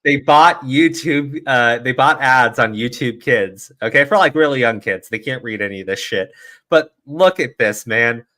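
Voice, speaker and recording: A man's voice: medium pitch, expressive, moderate pace, bright, forceful tone. A man giving profane, heated, sarcastic commentary on a livestream. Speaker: streamer commentator.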